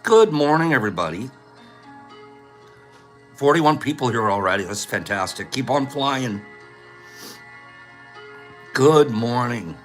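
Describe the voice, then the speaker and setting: A man's voice: mid-range voice, expressive, slow pace, long pauses, fairly bright tone, soft background music. A man hosting a live stream in a casual, playful way, greeting viewers by name and teasing them. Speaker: livestream host.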